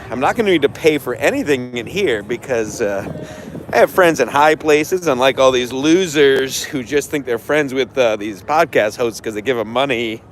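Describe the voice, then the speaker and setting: A man hosting a walking livestream. He talks brashly, rants and boasts. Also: medium pitch. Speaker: livestream host. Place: outdoors around a stadium. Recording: noisy outdoor street sound.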